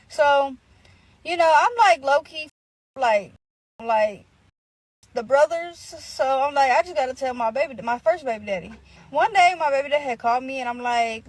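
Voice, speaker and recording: A woman's voice: on the high side, brisk, dry recording, rough recording. A woman casually telling a personal story, rambling with many fillers and acting out what others said. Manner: rambling, full of "like" fillers, acts out quoted dialogue. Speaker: storyteller in a played clip.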